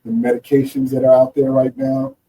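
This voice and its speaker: A man's voice: mid-range voice, little pitch movement, brisk, mellow, distant mic, faint music behind, low-quality recording. A man with a Southern US accent, a therapist guest speaking in an interview, earnest and hesitant with many fillers. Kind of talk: casual interview chat.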